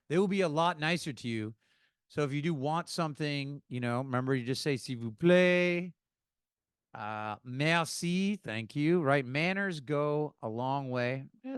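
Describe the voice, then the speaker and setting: Smooth-voiced American man giving tips. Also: on the high side, dry recording, studio quality. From United States. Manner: emphatic, chatty advice-giving with asides. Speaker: podcast host. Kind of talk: casual podcast monologue.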